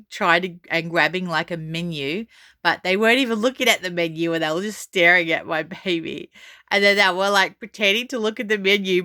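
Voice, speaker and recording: With a frog in her throat, a middle-aged vlogger tells a rambling, chatty story packed with fillers and restarts, sounding defiant and unbothered by others' opinions. Her fairly low voice is pushed and bright, in a studio-quality recording with no room sound.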